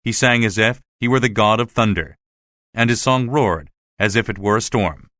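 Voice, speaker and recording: A man reading a classic story aloud as scripted narration, in a dramatic, expressive way. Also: on the low side, normal speed, dry recording, clean studio sound. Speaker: audiobook reader. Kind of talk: scripted narration of a graded reader.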